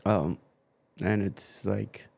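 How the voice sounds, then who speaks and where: A man's voice: lowish voice, drawn-out words, gravelly, darkish tone, slightly rough. A man hosting a live football watchalong stream, swearing and grumbling as his stream keeps freezing.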